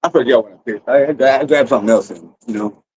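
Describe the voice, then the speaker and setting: A man's voice: mid-range voice, quick pace, a little mellow, breathy edge, poor audio. A man telling a rambling, profane story to his livestream audience in a casual way, full of restarts. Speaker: streamer.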